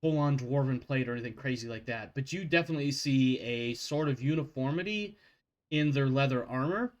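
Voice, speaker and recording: A man's voice: mid-range voice, brisk. A man running a tabletop game as game master, narrating casually and rambling. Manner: casual, rambling, self-deprecating.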